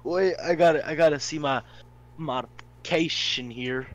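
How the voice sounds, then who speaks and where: A man's voice: fairly high pitch, moderate pace, highs cut off. A man playing a tabletop game, making brief, matter-of-fact declarations of what his character does. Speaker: player. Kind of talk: casual tabletop game play.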